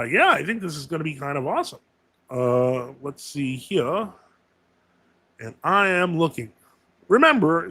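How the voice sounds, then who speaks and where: A man's voice: a little high, a bit bright, no room sound. A man hosting a casual live Q&A stream, talking in a rambling way with many fillers and self-corrections.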